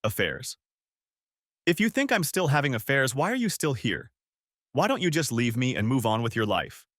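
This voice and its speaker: A man reading his lines plays a bitter, angry husband who keeps accusing his wife. His sharp lines are pitched above a normally low voice and swing widely. The sound is dry and close. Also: very animated, normal speed, no echo.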